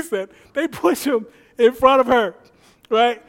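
A man with a high voice preaches by telling a story. He acts out each person he quotes and laughs often, rising to shouts at the peaks. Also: slow pace. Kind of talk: sermon storytelling.

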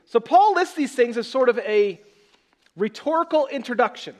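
A man's voice: very high voice, animated, moderate pace. A man. He explains scripture in a conversational way and breaks off for joking asides. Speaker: pastor. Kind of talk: sermon.

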